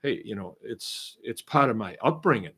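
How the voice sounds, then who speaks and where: A man's voice: fairly low pitch, expressive, normal speed, sharp tone, husky. A middle-aged man from Shrewsbury, Massachusetts, hosting a homestead channel and chatting casually while he reads viewer comments, rambling and sarcastic. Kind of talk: casual livestream chat reading viewer comments.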